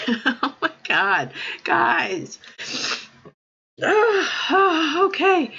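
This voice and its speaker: A woman's voice: sits high, very animated, very slow, pauses often, sharp tone, lo-fi sound. A woman live streamer, tearful and crying, talking to her viewers in breathless exclamations broken by laughter.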